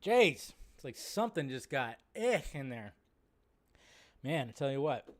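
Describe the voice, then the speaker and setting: A man's voice: mid-range voice, very animated, moderate pace. A man hosting a live film news stream, talking in a loose, rambling, casual way with lots of fillers.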